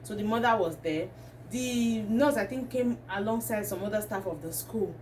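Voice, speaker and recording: A woman's voice: mid-range voice, normal speed, a little mellow. A woman, talking to camera as a vlogger and ranting with indignation. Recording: distant mic, faint background noise.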